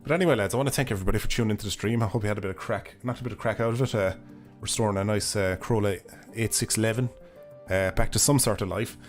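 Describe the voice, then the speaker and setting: A young Irish man streaming a game, chatting casually in a rambling way, swearing freely and laughing often, his voice hoarse and failing. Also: fairly low pitch, very fast, soft background music. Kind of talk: casual livestream chat while gaming.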